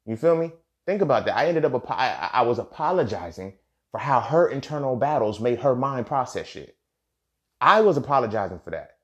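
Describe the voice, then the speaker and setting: A young man runs his own podcast in a candid solo monologue, his medium-pitched voice very animated and brisk, with the highs cut off. He speaks bluntly and swears plenty, repeating lines for emphasis and constantly checking in with "you feel me."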